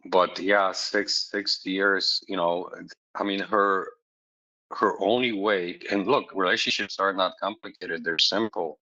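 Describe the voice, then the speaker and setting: A man's voice: low voice, steady tone, a little slow, sharp tone. A man in casual chat giving blunt, straight-talking advice and teasing his partner. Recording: dull lo-fi sound.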